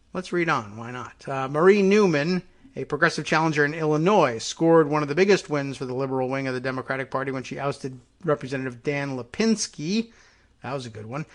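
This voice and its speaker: A man's voice: fairly high pitch, a bit bright. A middle-aged male podcast host reading a news article aloud and breaking off into dry muttered asides. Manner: drops to dry muttered asides between read passages.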